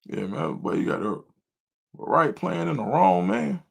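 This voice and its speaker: A middle-aged man, telling a story in casual livestream chat as a volunteer coach and host, getting loud and high when he quotes himself. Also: very animated, measured pace, creaky, breathy edge. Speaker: volunteer youth football coach and show host.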